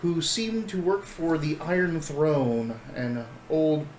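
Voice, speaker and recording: A chatty man with a somewhat high voice, hosting a tabletop game and recapping events with plenty of fillers and laughs. The sound is echoey with a little noise behind him. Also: animated, takes it slowly, a little mellow. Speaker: game master and show host. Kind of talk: casual banter and game recap.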